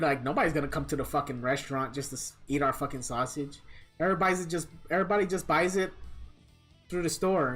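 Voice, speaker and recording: A woman game streamer telling a long, rambling story in blunt, profane, complaining casual chat. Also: low-pitched.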